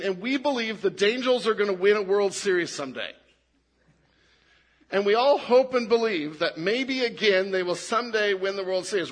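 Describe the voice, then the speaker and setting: High-voiced man preaching a lively sermon. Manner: animated, frequent restarts, drops to low quiet emphasis. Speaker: pastor.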